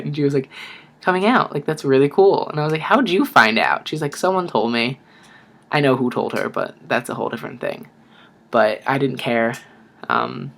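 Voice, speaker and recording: A young man tells a story from his own life in a casual video, chatty and relaxed. He keeps saying "like" and acts out the lines of other people as he goes. His voice sits at an ordinary middle pitch. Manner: chatty, lots of "like" and "I was like", acts out quotes. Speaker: vlogger.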